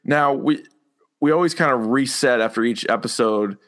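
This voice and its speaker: A man co-hosting a casual podcast chat, animated and quick, jumping into a higher voice when acting out reactions. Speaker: podcast co-host. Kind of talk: casual chat about a TV episode.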